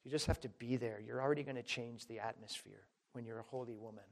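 A man preaching a sermon in an emphatic, conversational way, talking straight to the listeners and swinging between loud and quiet. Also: medium pitch, quick pace, gravelly. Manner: addresses listeners directly as folks.

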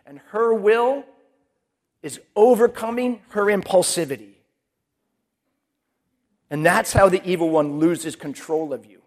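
High-voiced man preaching a sermon. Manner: conversational, acts out quoted inner voices.

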